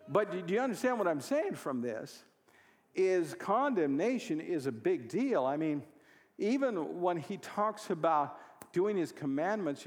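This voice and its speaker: A pastor preaching a sermon, moving from quiet storytelling to loud, fervent exhortation. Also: male voice, sits high, in a large hall. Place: church hall.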